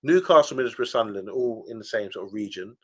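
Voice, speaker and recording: A man's voice: lowish voice, animated, fast talker, husky. A man co-hosting a casual podcast chat, telling rambling stories full of fillers. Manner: chatty storyteller, rambling with fillers. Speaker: podcast co-host.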